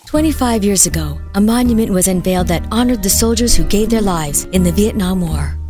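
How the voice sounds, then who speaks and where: A woman reading scripted radio ad narration in a calm, measured way, over music. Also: medium pitch. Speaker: radio ad announcer.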